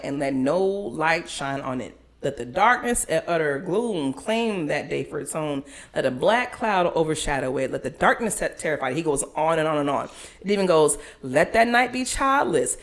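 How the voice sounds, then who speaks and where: A woman podcast co-host with a mid-range voice. She reads long passages calmly, and her pitch moves widely when she riffs with her co-host. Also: moderate pace. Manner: calm reading, expressive when joking. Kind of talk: casual chat, reading scripture aloud.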